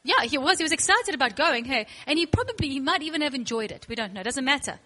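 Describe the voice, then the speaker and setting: A woman with a high voice talks fast while teaching a worship class. She is playful and emphatic, with bursts of excitement, acting out little scenes with her students.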